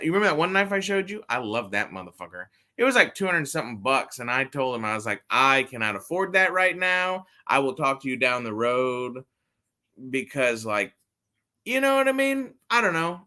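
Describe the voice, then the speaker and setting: Man, phone livestream, rambling, swears a lot, bright tense tone. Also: mid-range voice. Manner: rambling, profane, talks straight to chat viewers. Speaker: toy collector livestreamer. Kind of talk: casual livestream chat to viewers.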